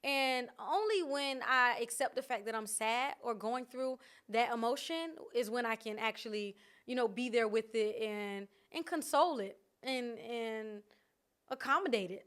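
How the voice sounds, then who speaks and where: A woman vlogger talking candidly to camera in a casual, reflective way, expressive and often laughing. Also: a little high, measured pace.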